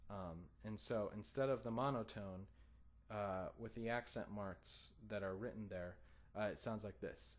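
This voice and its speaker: A man's voice: on the low side, unhurried. A man teaching a guitar lesson, patient and encouraging, counting in and singing strum rhythms as "da da".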